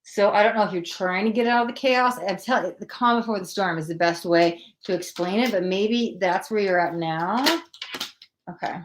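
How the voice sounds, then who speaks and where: A chatty woman runs a live-stream tarot reading, talking in a lively, easygoing way. Her voice sits at a middle pitch. A faint hiss of background noise runs under the recording. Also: moderate pace. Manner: chatty, animated, acts out quoted voices. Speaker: tarot reader.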